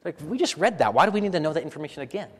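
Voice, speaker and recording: Man, pastor preaching, fairly high voice, lively rhetorical questions, long church-hall reverb. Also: very fast, husky. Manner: animated, rhetorical questions, repeats for emphasis. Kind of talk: sermon.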